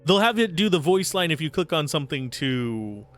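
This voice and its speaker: Bright-voiced male game streamer. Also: a little high, very animated, normal speed, faint music behind. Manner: chatty, giving tactical calls to his party. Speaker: let's play streamer. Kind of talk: casual gameplay commentary, reading game text aloud.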